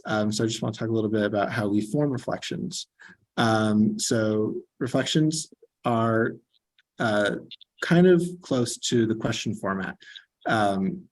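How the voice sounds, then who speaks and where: A man giving an earnest online training session as a trainer, explaining with frequent fillers. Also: lowish voice.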